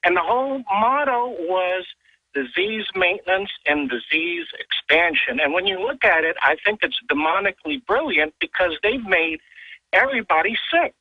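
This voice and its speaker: A man's voice: high-pitched, very animated, moderate pace, dry recording. A man calling in to a radio show, explaining his point in an earnest way. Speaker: caller. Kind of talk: phone-in call. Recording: dull lo-fi phone line.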